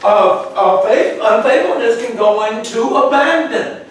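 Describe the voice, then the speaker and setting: High-voiced man teaching Bible study in an echoey church. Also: animated, measured pace. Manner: asks questions for the group to answer, sudden emphatic outbursts. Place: church room. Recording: echoey church room from far off, faint noise.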